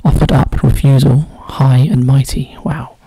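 A man's voice: mid-range voice, flat delivery, a little slow, background noise. A man solving a crossword aloud, musing and muttering clues half to himself. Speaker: crossword solver. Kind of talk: thinking aloud while solving a puzzle.

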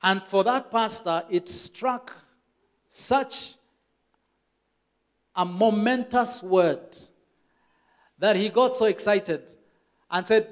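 A man's voice: sits high, very slow, long pauses. A Kenyan man preaching a church sermon as the pastor, telling stories with emphatic repetition.

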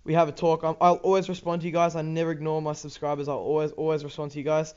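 A man's voice: a little high, little pitch movement, fast, a little mellow, clear, resonant tone, dull audio. A teenage boy with an Australian accent, rambling casually over gameplay with lots of ums, restarts and swearing. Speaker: gaming YouTuber.

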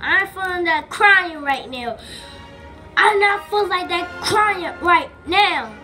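A woman voicing a stern parent who nags loudly and repeats herself. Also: very high voice, slow, full character voice. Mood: scolding. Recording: clear music behind.

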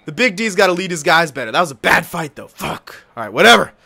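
A young man commentating his own video game play into a desk mic, his voice bright and a touch high. He talks his teammates through each play, and when they blunder he yells and curses at them. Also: fast, vocal fry. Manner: excitable, swears and yells at the game. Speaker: gameplay commentator. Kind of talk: live gameplay commentary.

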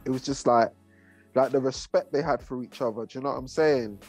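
A man's voice: mid-range voice, brisk, darkish tone, soft background music. A man, a rapper and producer talking casually in an interview, laid-back and full of slang. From England. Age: 30s. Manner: laid-back, heavy slang, rambling asides.

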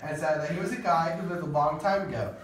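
A man's voice: a little high, fast, natural voice. A man doing a sassy valley-girl teen. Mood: earnest. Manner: drawling valley-girl talk, deadpan asides. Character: sassy, churchgoing teenage girl. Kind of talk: comedy skit acting. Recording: echoey room, far from mic, faint noise.

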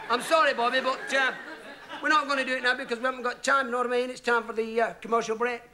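A man's voice: extremely high pitch, level tone, quick pace. Exasperated comic straight man, roaring crowd. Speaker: comedian, half of a double act. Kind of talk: scripted comedy sketch. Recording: noisy TV studio with loud audience laughter.

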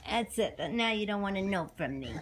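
A woman's voice: medium pitch, expressive, fairly quick, very noisy. A woman hosting a home cooking video, talking to her dog in a coaxing, playful way. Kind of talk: casual talk to her pet.

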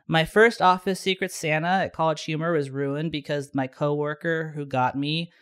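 A man's voice: fairly high pitch, steady tone, normal speed, fairly bright tone, clear, resonant tone. A man co-hosting, reading numbered anecdotes aloud in a dry, matter-of-fact way. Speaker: co-host.

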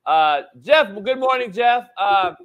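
A man hosting a live sports talk show, talking in an animated, emphatic way, swearing casually and hammering key points through repetition. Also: high-pitched, takes it slowly, lo-fi sound.

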